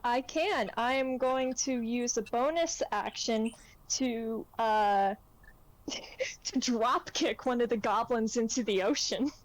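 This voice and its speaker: Woman, higher voice, tabletop player, excitable, laughing, casual. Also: slow, low-quality recording. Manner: excitable, laughs, describes her moves.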